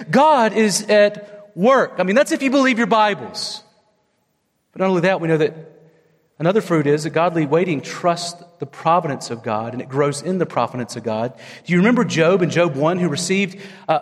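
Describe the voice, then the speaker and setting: A man, probably in his thirties, preaching a sermon as pastor, telling personal stories in a conversational way with big swings between loud, high moments and low, quiet ones. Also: in a large hall. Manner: conversational storytelling with wide swings in pitch.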